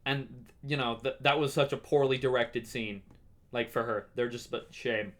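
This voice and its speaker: A young man in his twenties hosting a casual solo podcast, gushing excitably and swearing as he talks. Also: mid-range voice, normal speed. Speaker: podcast host.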